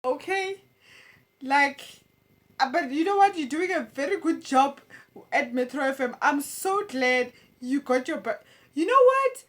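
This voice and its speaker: High-voiced woman roasting. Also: animated, a little slow, fairly bright tone. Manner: teasing, stammering restarts, laughs at own jokes. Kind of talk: stand-up roast. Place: comedy roast stage.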